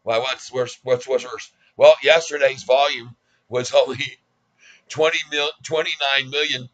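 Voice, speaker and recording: A man's voice: mid-range voice, steady tone, unhurried, a bit bright, low-quality recording. A man in his sixties giving casual stock market commentary in a folksy, cocky, self-mocking way. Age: 60s. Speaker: stock trading vlogger.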